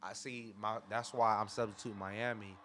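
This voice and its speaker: A man on a casual podcast telling lively stories full of slang, acting out what people said. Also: lowish voice, moderate pace, a crowd in the background. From Cleveland area. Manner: animated storytelling, acts out quotes in slang. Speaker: podcast guest. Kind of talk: casual chat.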